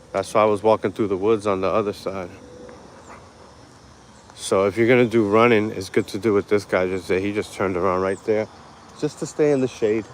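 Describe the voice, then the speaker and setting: A man's voice: fairly low pitch, slight background noise. A man hosting a casual walk-and-talk live stream on an outdoor park path, chatting laid-back with viewers through a handheld phone.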